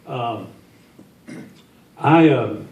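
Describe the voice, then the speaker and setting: The audio is narrow and tinny, captured at a distance in a big echoing function room. There, an older Tennessean guest speaker spins folksy, self-deprecating after-dinner jokes and stories in an expressive mid-range voice, drawing out his words.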